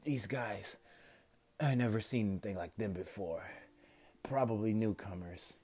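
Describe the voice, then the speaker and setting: A man's voice: fairly low pitch, unhurried, darkish tone, husky. Man doing a worn-out hero mentor. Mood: worried. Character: exhausted older male hero mentor, grave.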